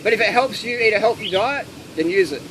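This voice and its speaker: A man answering audience questions at a festival, telling stories in a casual, animated way and acting out quoted lines. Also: high-pitched, fast talker. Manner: anecdotal, animated, acts out quotes. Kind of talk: casual Q&A talk. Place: outdoor festival. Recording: noisy outdoor recording.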